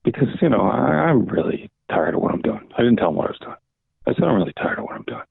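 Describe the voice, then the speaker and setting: Older guy w gravelly low voice rambling thru a story, keeps saying so anyway, sounds like a thin phone line. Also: sing-song, fast talker, dry recording. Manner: rambling anecdotes, repeats "so anyway", acts out quoted dialogue. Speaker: guest, veteran comics editor. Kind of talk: casual interview storytelling. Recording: dry tinny phone-like line.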